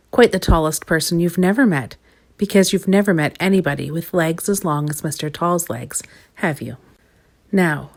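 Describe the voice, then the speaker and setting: A woman reading a children's storybook aloud, gentle and expressive, lingering on repeated words. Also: lowish voice.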